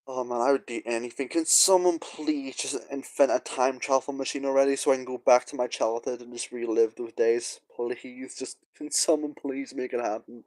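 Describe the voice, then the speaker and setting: A man's voice: medium pitch, fairly even intonation, moderate pace, few pauses, darkish tone, dry recording. A young man talking casually to camera, rambling and wistful, with many fillers and sighs. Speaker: vlogger. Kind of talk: casual nostalgic monologue.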